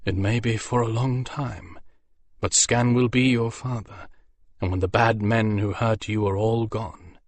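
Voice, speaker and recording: A man voicing a frail, dying old male mage who speaks in a soft, hoarse, tender voice. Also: fairly low pitch, fairly even intonation, measured pace, no echo. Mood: gentle, tender. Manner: tender and weary.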